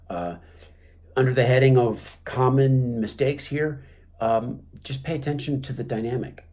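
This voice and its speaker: A man's voice: on the low side, darkish tone. A man teaching clarinet technique, talking through the music with many fillers and restarts. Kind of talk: instructional talk.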